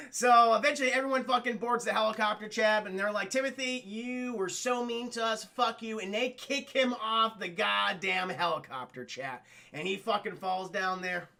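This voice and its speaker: Bright, high male streamer with a gravelly edge, swears a lot and keeps talking to the chat. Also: normal speed. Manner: profane, laughing, keeps addressing the chat. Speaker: streamer and film reviewer. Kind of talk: live-stream film recap chat.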